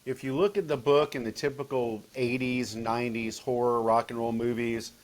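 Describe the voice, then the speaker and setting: A man chats loosely about his writing as a podcast guest. He rambles, circles back and restarts his sentences often, at an everyday middle pitch. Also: steady tone, normal speed. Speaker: guest author. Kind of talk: casual podcast chat.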